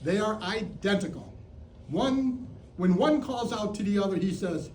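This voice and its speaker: A man's voice: high-pitched, lively intonation, unhurried, a little mellow, slight background noise. A man in his seventies from Chicago, telling a playful personal story on stage in a theatrical way. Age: 70s. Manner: playful, theatrical, mock sports announcing. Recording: roomy theater sound, distant mic, faint ambience.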